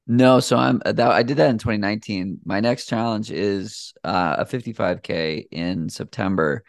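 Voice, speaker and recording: A man's voice: on the low side, moderate pace, creaky, no room sound, clean studio sound. A man talking as a podcast guest in easygoing, rambling casual conversation with plenty of fillers. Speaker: podcast guest, shoe reviewer.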